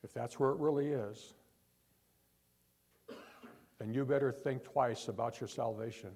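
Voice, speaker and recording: Older male pastor, husky and gravelly, earnest sermon delivery in church, repeats phrases, speaks plainly rather than shouting. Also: medium pitch, unhurried. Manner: earnest, repetitive preaching, talking from the heart rather than yelling.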